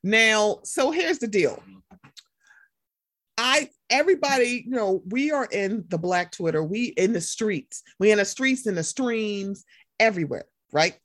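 A woman's voice: mid-range voice, expressive, a little slow, a bit bright, no room sound, studio quality. A woman co-hosting a casual gossip podcast, talking animatedly and slipping into playacted quotes. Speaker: podcast co-host.

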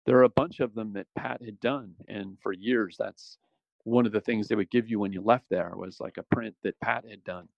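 A man's voice: fairly low pitch, moderate pace, creaky, dry recording, muffled recording. A man, a former special operations soldier, talking casually as an interview guest, rambling with many restarts and fillers. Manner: relaxed, rambling, frequent "you know" and restarts.

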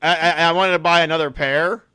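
A man's voice: a little high, fairly even intonation, brisk, bright, forceful tone, clean tone, no echo. A man co-hosting a football podcast in casual chat, who restarts his sentences a lot, laughs often and teases his co-host. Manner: stammering restarts, laughs often, playful banter.

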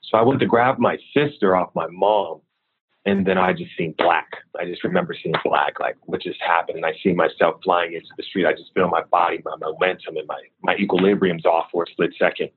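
A man's voice: sits low, fairly quick, a little hiss or hum. A man, a guest in an interview, candidly and steadily telling a personal story. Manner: candid, steady recounting of hard memories. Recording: tinny phone-like line.

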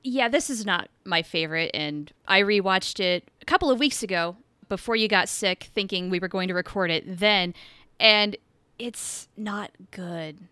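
A woman co-hosting a podcast in casual chat, upbeat and quick to laugh. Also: medium pitch, pushed and bright, clear, resonant tone, no room sound. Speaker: podcast co-host.

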